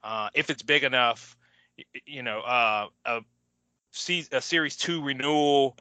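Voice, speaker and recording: A man on a casual podcast who talks haltingly and stumbles over his words. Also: medium pitch, sharp tone, no echo. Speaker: podcast guest.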